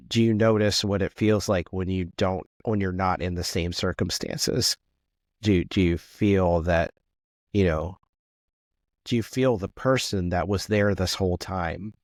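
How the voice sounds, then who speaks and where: A man with a very low voice speaks as a podcast guest. He is earnest and self-reflective, searching for his words as he goes. The recording is dry and close. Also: dry recording. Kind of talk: reflective conversation.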